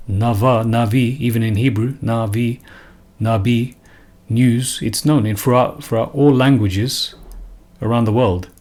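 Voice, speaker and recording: A man's voice: on the low side, a little mellow. A man giving an unscripted religious talk, earnest and emphatic, often repeating and restarting phrases. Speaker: religious commentator.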